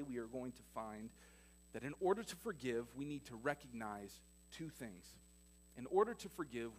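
A man preaching a sermon as pastor of a church, retelling stories with his loudness swinging between emphatic and hushed. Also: a little high, husky.

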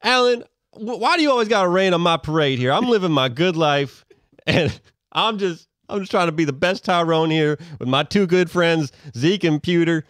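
A man's voice: a little high, lively intonation, moderate pace, fairly bright tone, clear, resonant tone, no echo, studio quality. A man voicing a whiny young male corn farmer, wailing and sobbing with his voice cracking. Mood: sobbing, pleading. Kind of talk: improvised comedic monologue.

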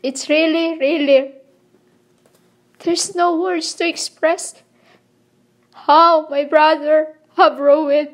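A woman delivering a rambling spiritual monologue in halting, broken phrases, pleading with her listeners. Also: high-pitched, steady tone. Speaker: self-proclaimed spiritual messenger.

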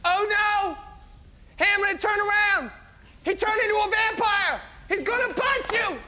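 An actor playing a crude, loud heckling male president who taunts and repeats insults in a comedy sketch. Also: very high-pitched, unhurried, heavily acted. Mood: alarmed. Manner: loud, foul-mouthed, repetitive taunting.

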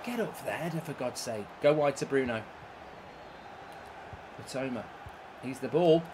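Over a noisy background, a gaming streamer with a medium-pitched voice talks at normal speed. He gives live commentary on a football video game, swearing and ranting at the match and responding to viewers' chat.

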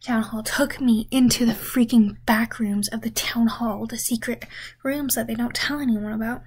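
A young woman telling an absurd comedic story in a deadpan, rambling, half-whispered way, with lots of swearing. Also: fairly high pitch, normal speed, breathy edge. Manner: deadpan rambling, many swear words and 'freaking'. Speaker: content creator.

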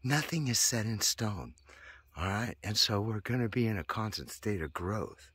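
Man, deep voice, husky, dry close sound, meandering vlog talk, lots of fillers. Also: animated, normal speed, fairly bright tone, dry recording. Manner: meandering, tangential, heavy on fillers. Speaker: vlogger. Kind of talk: rambling monologue to viewers.

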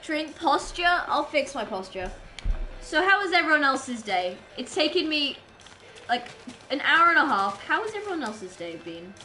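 A woman's voice: sits high, very animated, moderate pace, sharp tone, poor audio. An Australian woman with a stuffed-up nose from a cold, chatting playfully with her viewers during a live gaming stream. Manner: chatty, playful, talks to chat while playing. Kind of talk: casual live-stream chat while gaming.

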